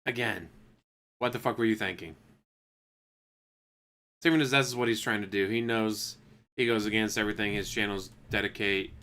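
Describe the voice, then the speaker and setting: A man's voice: fairly low pitch, normal speed, pauses often, pushed and bright. A man reacting to a video in blunt, incredulous commentary, swearing often and mocking the person he watches. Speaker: commentary streamer. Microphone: desktop USB mic.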